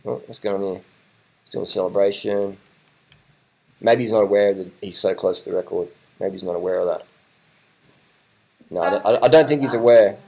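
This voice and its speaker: Brief: lower-voiced guy, loose off-the-cuff video commentary, excitable and repetitive, casual swearing. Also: vocal fry, slight background noise, poor audio. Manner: excitable, rambling, swears casually, repeats himself. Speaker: vlogger commenting on race footage.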